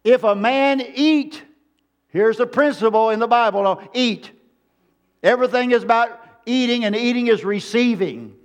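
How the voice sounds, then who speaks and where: A man with a high-pitched voice delivers a sermon from the pulpit. He hammers his points home with repeated phrases and reaches out to the congregation for amens. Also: moderate pace, smooth. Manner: emphatic preaching with repeated phrases. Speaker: preacher.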